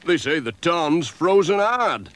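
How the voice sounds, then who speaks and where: Cartoon handyman, a man playing a jovial villager, slow, bouncy pitch. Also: very animated, a bit bright, heavily acted. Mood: hearty. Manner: hearty and generous. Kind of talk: children's animation voice acting.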